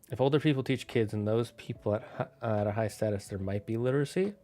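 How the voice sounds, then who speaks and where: A man streaming live, thinking out loud and answering chat in a casual, rambling way. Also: medium pitch. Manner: musing aloud, thinks out loud with quick asides. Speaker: streamer running a worldbuilding chat.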